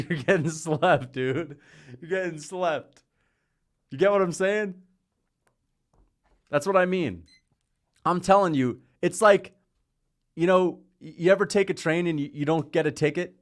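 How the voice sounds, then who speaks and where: A man hosting a casual livestream, chatting and calling fights, rambling from topic to topic, laughing often and getting excited at big moments. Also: fairly high pitch. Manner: rambling, jumps between topics; laughs often mid-sentence. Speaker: livestream host.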